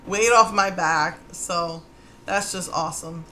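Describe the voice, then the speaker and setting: A woman in her thirties telling a chatty story in a casual vlog, animated and laughing often. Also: fairly low pitch, takes it slowly, slight background noise. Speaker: vlogger.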